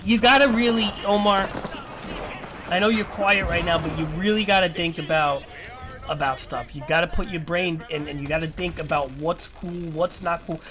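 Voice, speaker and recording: A man's voice: on the high side, normal speed. A man streaming, ranting in a lecturing, repetitive and profane way. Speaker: livestreamer. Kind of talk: casual stream rant.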